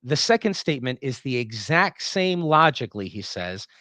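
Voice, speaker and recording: A man's voice: mid-range voice, very animated, normal speed, pushed and bright, no echo. A man lecturing on a text, explaining it and checking in with rhetorical questions. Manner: acts out example sentences in changing tones. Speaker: philosophy lecturer.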